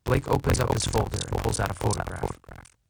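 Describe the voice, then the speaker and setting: A man narrating an audiobook in first person, with a measured, tense, dramatic reading. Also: on the low side, vocal fry. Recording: loud background hiss.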